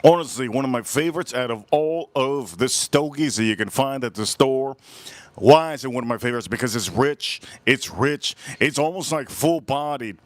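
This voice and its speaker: A man hosting a casual live cigar review outdoors, just woken up, talking in a relaxed way, repeating himself and greeting his chat. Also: mid-range voice, normal speed, no echo. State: groggy morning voice, just woke up. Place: outdoors, windy.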